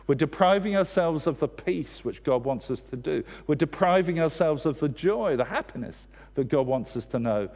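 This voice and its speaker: A man's voice: a little high, a little mellow. A man preaching a sermon, earnest and direct, with wry humorous asides. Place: church. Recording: long church reverb.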